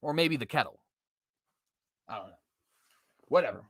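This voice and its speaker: A man's voice: mid-range voice, lively intonation, moderate pace, a bit bright, husky, dry recording, studio quality. A man in his twenties hosting political commentary, reading news aloud with heavy sarcasm and sudden mocking outbursts. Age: 20s. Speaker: commentary host.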